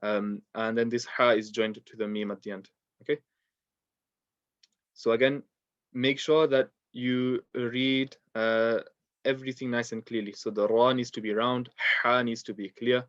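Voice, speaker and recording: A man's voice: mid-range voice, flat delivery, measured pace, fairly bright tone, dry recording, muffled recording. A man teaching a beginners' Quran recitation lesson, explaining step by step with a patient, filler-laden manner. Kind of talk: online lesson.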